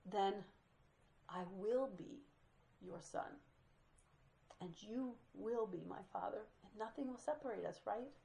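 A woman's voice: medium pitch, normal speed, lightly acted. A woman voicing a burly young male ex-con who talks in street slang with Spanish words mixed in. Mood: tearful.

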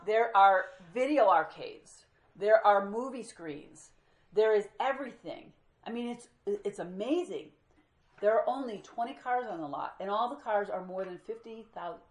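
A woman's voice: medium pitch, reverberant. A woman teaching a group Bible study, telling stories with energy and acting out what people said. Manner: lively storyteller who acts out quoted speech.

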